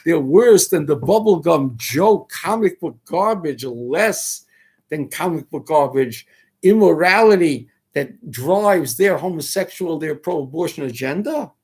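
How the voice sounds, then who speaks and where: A radio talk host with a notably high, animated voice, a little mellow with a breathy edge, speaks unhurriedly. In his emphatic political commentary monologue he preaches his views, fires off rhetorical questions and sprinkles in Hebrew and Yiddish terms.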